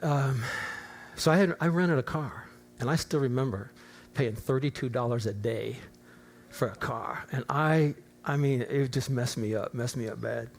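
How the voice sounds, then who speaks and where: A man, an older pastor, preaching a storytelling sermon in a church, animated and swinging from quiet asides to near-shouts. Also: mid-range voice, moderate pace, gravelly. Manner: animated, rising to near-shouts in acted prayers. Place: church auditorium.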